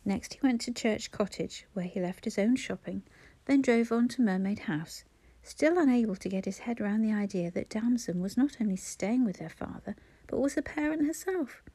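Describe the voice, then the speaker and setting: A woman reads a novel aloud in an even, measured way. Her voice is mellow and warm, recorded close on a dry studio mic with no room sound. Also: fairly high pitch, slightly rough, no echo. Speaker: audiobook narrator. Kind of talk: scripted narration.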